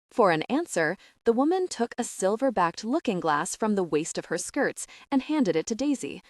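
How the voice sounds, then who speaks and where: A woman narrating a historical romance audiobook in an even, measured reading. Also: mid-range voice, no echo, studio quality. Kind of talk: scripted narration.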